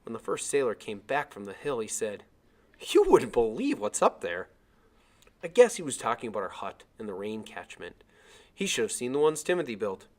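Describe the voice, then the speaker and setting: A man reading a chapter of a novel aloud as narrator, with expressive storytelling. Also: lowish voice, fairly quick.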